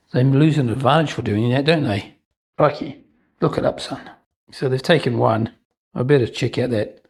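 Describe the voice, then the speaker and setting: Husky man narrating a tabletop battle. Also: mid-range voice, a little mellow, rough recording. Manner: chatty, self-mocking asides, frequent ums. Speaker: wargamer narrating a battle report. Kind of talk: casual game commentary.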